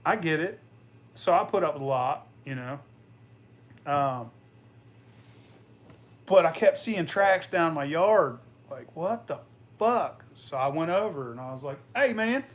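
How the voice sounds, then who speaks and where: Telling meandering, foul-mouthed tales about his earlier life, a casual show host laughs at his own stories. He speaks in an animated, highish voice, a touch slowly, pausing often.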